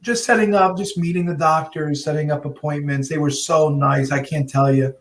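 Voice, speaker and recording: A man talking casually with a friend in a plain, easygoing way. His voice sits a little high. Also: fairly even intonation, normal speed, slight background noise. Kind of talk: casual chat.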